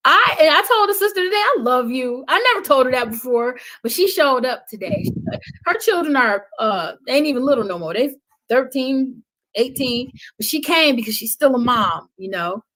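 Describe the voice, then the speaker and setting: A woman with a somewhat high voice talks with fervent conviction on a podcast, like a preacher. Her delivery swells loud, then drops to a hush. She sounds like a guest on a live stream. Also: animated, moderate pace, low-quality recording. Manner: impassioned, preaching cadence, swings from loud to hushed. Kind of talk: passionate podcast talk.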